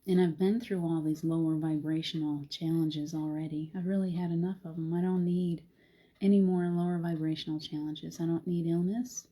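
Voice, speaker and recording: Middle-aged female host, soft and reflective, husky, warm low tone. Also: fairly even intonation, normal speed. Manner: gentle, reflective, soft-spoken with frequent laughs. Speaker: host of a live spiritual talk show. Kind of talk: casual live-stream chat.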